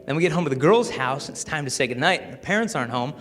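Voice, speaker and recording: A man in his twenties giving a live talk to an audience, telling stories in a joking, animated way. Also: on the high side, fast. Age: 20s. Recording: long hall reverb.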